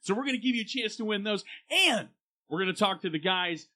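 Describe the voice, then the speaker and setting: Man playing a late-night radio DJ, upbeat, punchy patter, bright tone, mock radio announcement. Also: high voice, animated, a little fast, pitched above the performer's own voice.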